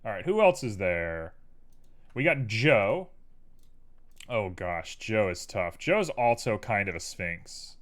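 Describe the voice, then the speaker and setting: A man's voice: fairly low pitch, big pitch swings, slow. A man casually chatting on a live stream while he works, playful and talking to himself and his chat. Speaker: livestreamer and 3D artist.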